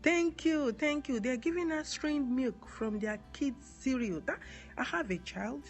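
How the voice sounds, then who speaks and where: Speaking unhurriedly in a high voice, this Nigerian-accented woman addresses her live-stream audience with faint music playing behind her. As an advocate, she responds to comments earnestly, repeating important words and spelling certain ones out.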